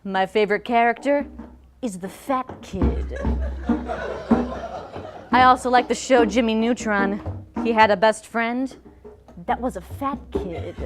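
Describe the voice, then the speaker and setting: A woman's voice: a little high, takes it slowly, long pauses, over music. Awkward young woman hosting a stand-up set. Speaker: host. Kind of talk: stand-up monologue. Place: studio with live audience.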